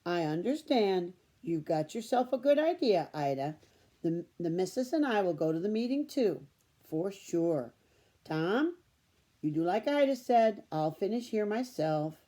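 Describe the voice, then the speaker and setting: A woman voicing a large, loud older farmer with a German accent. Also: medium pitch, sing-song, unhurried. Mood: hearty. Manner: loud and hearty.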